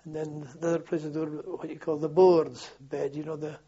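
A man's voice: fairly high pitch, flat delivery, moderate pace, dark tone, husky. An older man, recalling his army days in a rambling way, repeating words and chuckling. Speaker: interviewee recalling army service. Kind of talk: oral history reminiscence. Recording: dull lo-fi archive tape.

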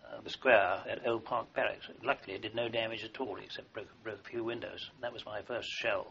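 A man's voice: lowish voice, fairly even intonation, fairly quick, vocal fry, a bit bright. An older man, an army veteran, telling long wartime anecdotes in a rambling way with fillers and restarts, in a dull lo-fi recording. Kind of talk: oral history recollection.

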